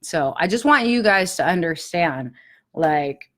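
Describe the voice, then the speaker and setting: A woman's voice: lowish voice, slow pace. A middle-aged woman hosting a podcast, giving an earnest, confiding personal spiritual talk. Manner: earnest, confiding, animated when recalling pleas. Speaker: podcast host.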